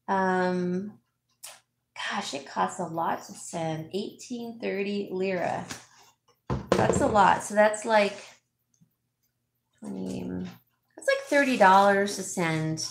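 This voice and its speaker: A middle-aged woman hosting a casual haul vlog, chatting warmly and thanking viewers by name as she opens gifts. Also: medium pitch, slow pace, vocal fry, long pauses. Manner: chatty, gushing, reads viewer names aloud. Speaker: vlog host, home stager. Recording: roomy echo, faint background noise.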